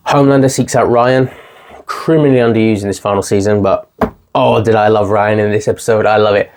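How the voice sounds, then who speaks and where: A young man talks through a TV finale in a chatty, excitable way and laughs often. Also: fairly low pitch, fairly quick. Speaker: TV series reviewer. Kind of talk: casual video review.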